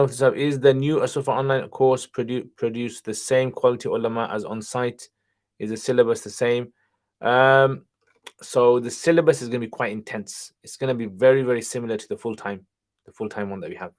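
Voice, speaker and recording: A man hosting a casual livestream Q&A while driving, reading viewer questions aloud and answering them in a relaxed, chatty way. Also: lowish voice. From England. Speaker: channel host, Islamic teacher. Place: car, driving while streaming.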